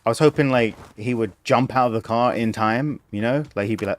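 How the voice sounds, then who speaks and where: A man's voice: on the low side, a little fast, hardly any pauses. Wry, rambling young male streamer. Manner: wry, rambling, self-amused. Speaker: game streamer. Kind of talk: casual gameplay commentary. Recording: game sounds and noise behind.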